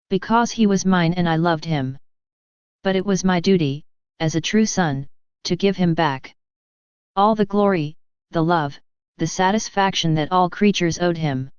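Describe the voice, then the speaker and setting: A woman's voice: fairly low pitch, a little mellow, clean tone, dry recording, close to an everyday voice. A woman reading the words of a sorrowful divine man who pleads for love, in a solemn, earnest way. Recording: dull, slightly lo-fi dry recording.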